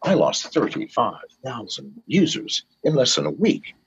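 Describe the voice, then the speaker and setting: An older man giving an interview, fiery and profane, swinging from low mutters to shouted pleas. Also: wildly swooping pitch, a little slow. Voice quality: gravelly and husky. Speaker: guest. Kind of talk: impassioned interview rant. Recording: dull lo-fi call audio.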